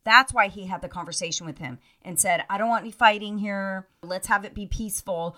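Animated bright-voiced woman ranting profanely. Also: mid-range voice, fairly quick, hardly any pauses. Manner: animated, profane, mocking mimicry of cast members. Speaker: podcast co-host. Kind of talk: casual chat about reality TV. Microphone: video call.

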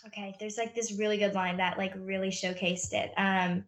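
A woman's voice: mid-range voice, level tone, normal speed. An American woman in a casual interview, chatty and hesitant, with many fillers.

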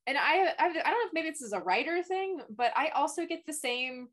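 Agreeable woman podcast co-host, higher pitch. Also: lively intonation, fairly bright tone. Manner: agreeable, quick affirmations. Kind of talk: casual podcast interview.

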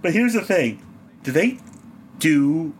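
A man co-hosting a casual gaming podcast, wry and quick to laugh. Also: fairly high pitch, sing-song, slightly rough. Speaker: podcast co-host.

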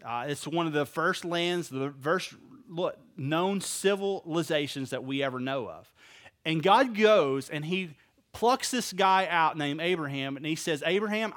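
A man preaching a sermon in a casual, animated way, quizzing his listeners. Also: fairly high pitch, a little slow. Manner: animated preaching, asks the audience questions; casual wording. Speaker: pastor.

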